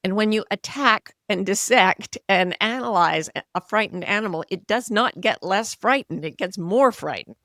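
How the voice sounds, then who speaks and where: A woman in her sixties, an author and coach speaking as a podcast guest, explaining in an earnest, conversational way that softens and slows when she models kind self-talk. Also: medium pitch, lively intonation, no room sound, clean studio sound. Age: 60s. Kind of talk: conversational interview.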